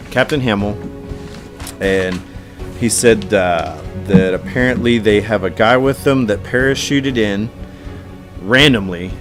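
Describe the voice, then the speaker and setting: A man co-hosting a casual podcast chat, retelling scenes in a laid-back way with lots of fillers. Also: fairly low pitch. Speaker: podcast co-host.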